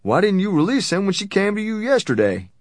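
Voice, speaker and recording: A tall, blustering man, as a male narrator puts him on, exclaiming in a loud, raised voice. The recording is dry and close. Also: sits high, very animated, brisk, dry recording, pitched above the performer's own voice.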